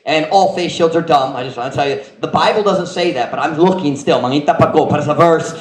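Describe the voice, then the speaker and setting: A man's voice: a little high, quick pace, echoey room, rough recording. An American man preaching a sermon as pastor, telling stories in a chatty way and mixing in Cebuano phrases. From United States. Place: church.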